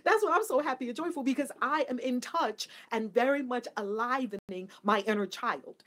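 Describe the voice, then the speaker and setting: A woman hosting a casual spiritual talk for her viewers, animated and playful, laughing often and mimicking people. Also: fairly high pitch, moderate pace, hardly any pauses. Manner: mimics people in a flat, dutiful voice. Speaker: spiritual livestream host.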